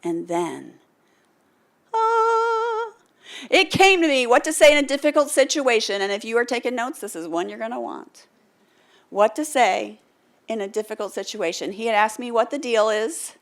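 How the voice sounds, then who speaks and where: Animated American woman keynote speaker, high voice. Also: moderate pace. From United States. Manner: animated, calls for audience responses; storytelling, acts out quoted lines. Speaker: motivational speaker. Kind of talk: keynote speech to a live audience. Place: stage before a live audience.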